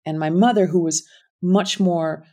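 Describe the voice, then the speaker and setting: A woman's voice: fairly low pitch, steady tone, a little slow, dark tone. A middle-aged woman with a Connecticut accent, speaking candidly and thoughtfully in an interview, sometimes trailing off. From United States. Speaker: impact investing founder and guest. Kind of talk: reflective interview talk.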